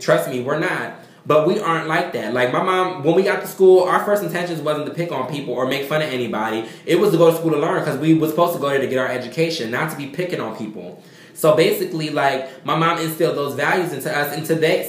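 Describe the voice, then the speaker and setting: Young man, emotional personal vlog, earnest, rambling, slightly high voice, echoey room. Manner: earnest, rambling, repeats himself, swears casually. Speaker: vlogger.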